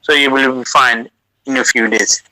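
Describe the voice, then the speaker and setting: Bright-voiced man on an audio call. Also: mid-range voice, steady tone, dry recording, low-quality recording. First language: South Asian language. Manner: slow, halting, many uh fillers and restarts. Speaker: guest giving language advice. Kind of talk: casual advice over an audio call. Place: lives in the United Kingdom.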